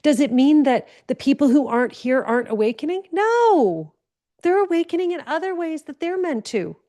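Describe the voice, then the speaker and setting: An earnest woman speaks as a spiritual teacher, leaning on repeated phrases to drive her points home. Her voice sits a little high, with a mellow, warm tone. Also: sing-song, normal speed. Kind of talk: spoken teaching talk.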